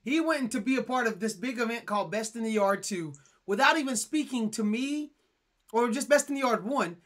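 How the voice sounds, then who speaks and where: A young man with a high, bright, forceful voice co-hosts a casual podcast. He tells stories with emphasis and animation. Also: lively intonation, fairly quick. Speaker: podcast co-host.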